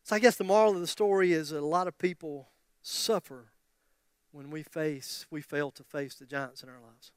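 A man's voice: a little high, steady tone, moderate pace, clear, resonant tone, dry recording, studio quality. A man in his fifties preaching a sermon with passion, repeating his phrases and dropping joking asides to the congregation. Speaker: pastor.

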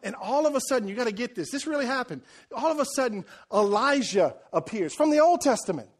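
A man's voice: very high-pitched, expressive, fast talker. A male pastor preaching a sermon, telling the story with jokes and acting out quotes.

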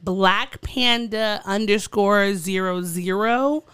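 A woman's voice: medium pitch, slow, fairly bright tone, clean tone, no echo. A woman co-hosting a podcast, telling odd news stories in a rambling, giggly casual chat. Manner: giggly, rambling with fillers and restarts. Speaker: podcast co-host.

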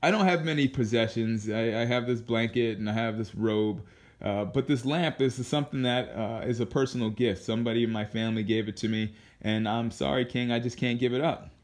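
A man's voice: mid-range voice, fairly quick, lightly acted. A man voicing a humble, polite beggar in a spoken story. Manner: polite, apologetic. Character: humble poor male beggar.

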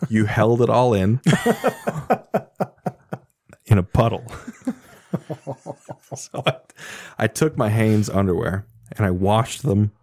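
A man telling a funny story in a casual chat, animated and profane, laughing often as he goes. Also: lowish voice, slow, vocal fry, long pauses, no room sound. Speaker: storyteller guest.

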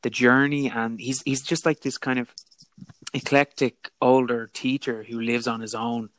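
A podcast co-host chats animatedly and casually about films, peppering his talk with Irish turns of phrase. His voice is medium-pitched at a moderate pace, picked up by a remote call mic with no room sound.

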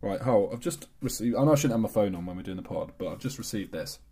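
A man's voice: lowish voice, animated, fast, very noisy. Laughing sweary podcast man. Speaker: podcast co-host. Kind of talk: casual chat.

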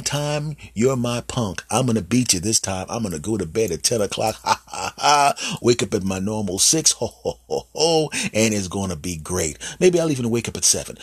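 A man's voice: fairly low pitch, breathy edge, dry recording, clean studio sound. A man doing a solo comedy podcast monologue, acting out little voices and bits as he goes. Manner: animated, acts out voices and bits.

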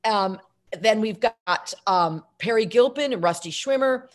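Middle-aged actress-filmmaker, talkative guest, spins funny self-mocking anecdotes at a mid pitch. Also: female voice, measured pace. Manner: lively storyteller, self-mocking, jumps between tangents. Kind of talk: casual interview storytelling.

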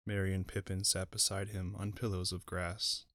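A man narrating an audiobook in a calm, measured reading voice. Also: deep voice, no room sound, studio quality. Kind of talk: scripted narration.

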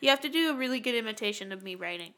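A woman's voice: a little high, animated, racing, sharp tone. A young woman co-hosting a podcast, blunt and sarcastic, who swears freely and cracks jokes. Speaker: podcast co-host. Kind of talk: casual podcast banter.

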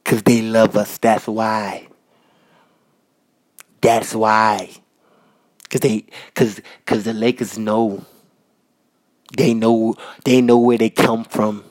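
A man from Minnesota hosting a podcast, talking casually and giving loud, repetitive shout-outs full of slang. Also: lowish voice, little pitch movement, slow. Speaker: podcast host. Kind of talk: casual solo podcast monologue. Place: North Minneapolis.

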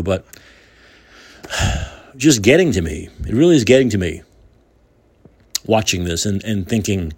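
A man's voice: on the low side, breathy edge. A man hosting his own talk show, delivering heated, indignant political commentary with repeated phrases. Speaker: podcast host.

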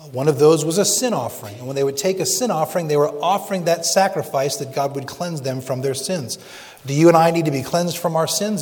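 Preaching man with a higher voice. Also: a little mellow, in a large hall. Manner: earnest preaching, slows down to stress scripture. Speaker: pastor. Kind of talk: sermon.

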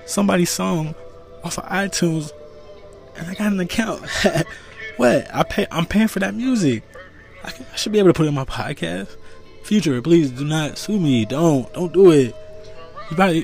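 A man's voice: fairly high pitch, creaky. An American man in his thirties hosting a casual solo podcast, rambling loosely, laughing often and cussing freely. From United States. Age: 30s. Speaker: podcast host. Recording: music playing loudly behind. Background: music.

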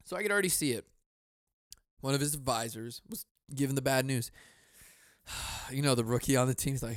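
A man's voice: medium pitch, a little fast, no echo, studio quality. A man hosting a solo comedy podcast, ranting in a cynical, profane, rambling way, breaking off to laugh and sigh. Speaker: podcast host.

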